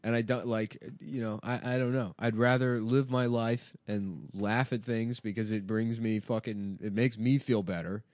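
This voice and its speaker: A man's voice: on the low side, fairly even intonation, moderate pace, few pauses, darkish tone, no echo. A man hosting a comedy podcast in casual, rambling chat, swearing freely and leaning on fillers. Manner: rambling, profane, filler-heavy.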